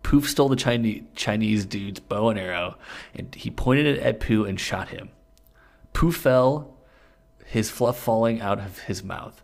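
Young guy w/ a low gravelly voice, reads fanfic out loud on a podcast mic, trips over words and cracks up a lot. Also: measured pace. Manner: reads aloud with frequent laughter and stumbles. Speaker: podcast co-host reading fan fiction aloud. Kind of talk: comedic podcast reading. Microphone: studio mic with pop filter.

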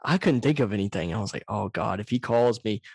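A man's voice: lowish voice, lively intonation, brisk, darkish tone, breathy edge, no echo. A young man hosting a podcast over a video call, telling stories casually with plenty of swearing and laughter, sitting very close to his microphone. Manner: profane, laughing, storytelling. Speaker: podcast host. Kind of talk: casual chat. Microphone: very close to the mic, loud.

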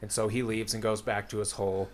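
A young man talks fast in a lowish, level voice as he casually summarizes a book's plot, with a little hiss or hum in the audio. The retelling wanders and is thick with fillers, mostly "like" plus "uh."

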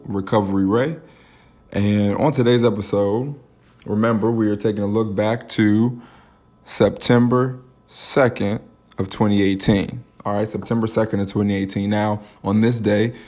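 A man hosting a solo podcast, reflecting aloud in a halting way, with many fillers and restarts. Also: on the low side, steady tone, a little mellow. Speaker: podcast host.

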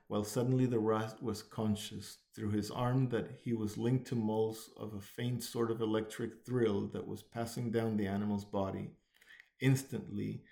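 Man, audiobook narrator, low voice, mellow tone, steady measured reading. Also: rough recording. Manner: even, measured reading with small slips. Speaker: audiobook reader. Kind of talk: storybook narration.

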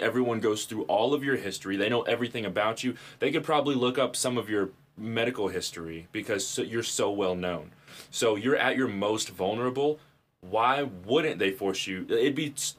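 A man co-hosting a podcast, telling stories in casual chat with lots of profanity and animated turns. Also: lowish voice. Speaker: podcast co-host.

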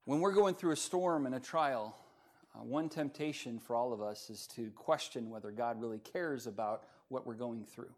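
A man preaching as pastor at a church service, with folksy humor, swinging from quiet asides to loud, rising passages. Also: mid-range voice, moderate pace. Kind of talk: sermon.

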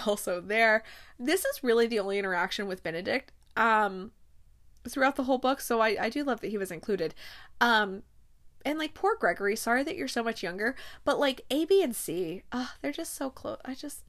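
A woman podcast host chatting casually through a romance novel recap, animated and laughing often. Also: on the high side, fairly quick.

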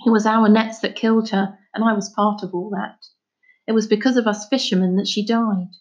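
A woman reading aloud voices a grieving middle-aged fisherman father, speaking in a heavy, halting way. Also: medium pitch, fairly even intonation, darkish tone, dull audio, natural voice. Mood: sorrowful.

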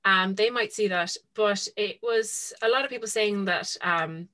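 Bright-voiced woman chatting about books. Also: medium pitch, a little slow. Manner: rambling, full of "like" and retold dialogue. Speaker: podcast co-host. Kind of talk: casual book chat.

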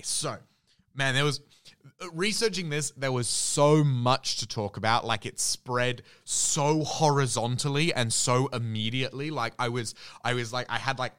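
A man's voice: mid-range voice, fairly bright tone, smooth, no echo, clean studio sound. A man co-hosting a podcast in casual chat, rambling enthusiastically with lots of restarts. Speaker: podcast co-host.

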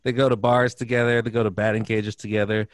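A man's voice: lowish voice, quick pace, no echo. A man casually retelling a film plot, acting out the characters' lines as he goes. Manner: animated retelling, acting out quotes. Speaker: movie recapper. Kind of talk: casual chat.

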